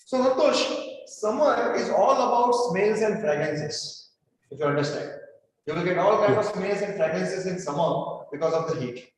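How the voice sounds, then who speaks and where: A man hosting an online club meeting, speaking in a measured way and repeating questions slowly over a video call. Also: high voice, lively intonation. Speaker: meeting host (Toastmaster). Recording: echoey room from far off.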